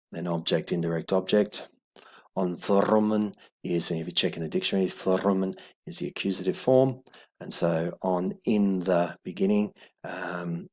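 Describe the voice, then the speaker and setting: A man giving a video lesson, explaining in a halting way with many fillers and corrections. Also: low voice, a little mellow, breathy edge. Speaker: language teacher.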